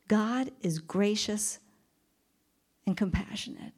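A woman's voice: mid-range voice, measured pace, pauses often, a little mellow. Chatty woman leading a Bible study. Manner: chatty, thinks aloud with fillers; laughs often while retelling. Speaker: women's Bible study leader. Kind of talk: informal Bible teaching.

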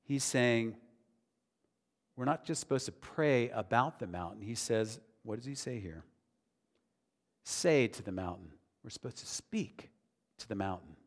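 A man's voice: mid-range voice, lively intonation, a little slow, pauses often. A man preaching a sermon in an earnest, conversational way that builds to emphatic declarations. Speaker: pastor. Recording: long reverb of a large hall.

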